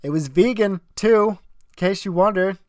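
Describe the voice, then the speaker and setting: A man's voice: high-pitched, measured pace, darkish tone, no echo, studio quality. A young man hosting a solo podcast, rambling and swearing, arguing with himself. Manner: profane, rambling, self-arguing. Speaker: podcast host.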